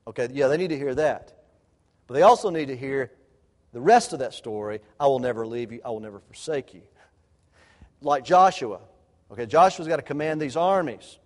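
A man preaching a sermon to parents, acting out quoted lines and dropping to quiet, low asides. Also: moderate pace. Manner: animated preaching, acts out quotes, drops to soft low asides. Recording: long hall reverb.

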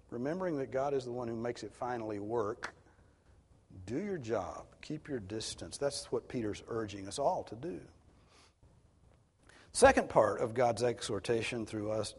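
Husky-voiced preacher in a reverberant hall. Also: male voice, medium pitch. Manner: earnest, emphatic teaching. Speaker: pastor. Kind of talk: expository sermon.

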